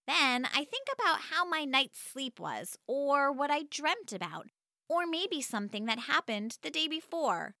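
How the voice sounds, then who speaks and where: A woman voicing a soft, patient storybook mom. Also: high-pitched, measured pace, no echo, studio quality, heavily acted. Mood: gentle. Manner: soft, calm and reassuring. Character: gentle patient mother, middle-aged woman.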